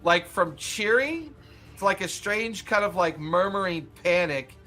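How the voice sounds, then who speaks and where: A young man narrating a tabletop game as game master, animated and laughing, with lots of "like" fillers. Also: sits high, unhurried, faint music behind.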